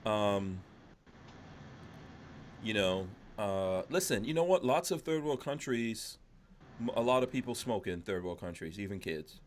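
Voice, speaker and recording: A man's voice: fairly low pitch, a little slow, long pauses, a little hiss or hum. Man hosting a casual podcast. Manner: reads viewer comments aloud, relaxed. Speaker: podcast host. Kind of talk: casual livestream chat.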